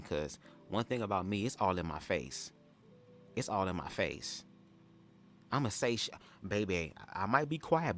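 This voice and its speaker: Sassy, profane man hosting a livestream. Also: slight background noise. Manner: animated, jumps into high-pitched impressions. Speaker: livestream host. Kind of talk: casual livestream reaction chat.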